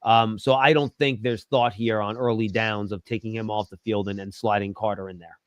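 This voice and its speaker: A man appearing as a guest football analyst, answering in a measured, analytical way. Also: on the low side, fairly even intonation, no room sound. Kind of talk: interview answers.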